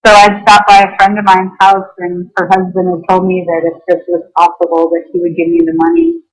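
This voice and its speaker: A woman's voice: on the low side, brisk, rough recording. A woman talking as a guest on an internet radio show. She tells a personal story earnestly, acting out what she and others said and using many fillers like "you know" and "um".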